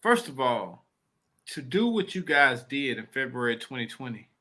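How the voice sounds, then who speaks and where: A man co-hosting a podcast, talking in an excitable, emphatic way with blunt, mild swearing. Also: mid-range voice, moderate pace. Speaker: podcast co-host. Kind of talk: casual podcast talk.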